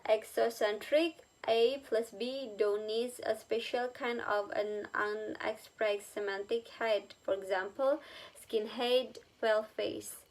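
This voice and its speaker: A woman giving a recorded lecture, halting with many fillers, repeating her examples and checking whether the listener follows. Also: a little high, fairly even intonation.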